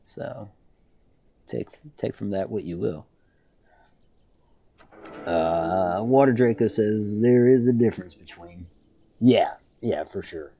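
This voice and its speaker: A man's voice: lowish voice, slow pace, pauses often, mellow. A man streaming a game, telling a rambling story with dry humor and frequent self-corrections. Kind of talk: casual storytelling while streaming.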